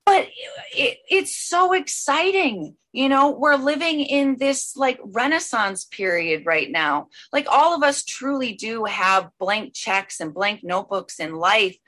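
A woman telling a personal recovery story at an online meeting, rambling with many fillers and bursts of excited speed. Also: a little high, unhurried. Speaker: speaker sharing a recovery story.

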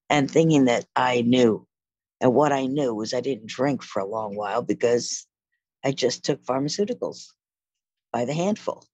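A woman's voice: rumbling low, darkish tone, no echo. A middle-aged woman sharing her own story of addiction and recovery in a candid, wry storytelling manner, acting out the lines of other people as she goes. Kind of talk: personal testimony.

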